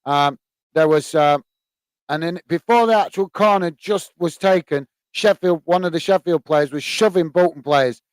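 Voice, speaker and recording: Fairly high in pitch, this man speaks smoothly at normal speed in a dry recording. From England, he runs a live watch-along of a football game, keeping up chatty, filler-laden commentary for viewers and shouting at every goal.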